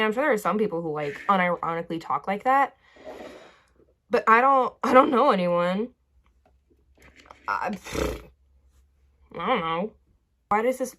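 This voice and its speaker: Young woman, casual storytime vlog, rambling, filler-heavy, bedroom vanity, mid-range pitch. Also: a bit bright. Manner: rambling, chatty, full of "like" fillers, drifts into tangents. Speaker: vlogger. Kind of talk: casual storytime chat while doing makeup. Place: bedroom vanity lit by a ring light.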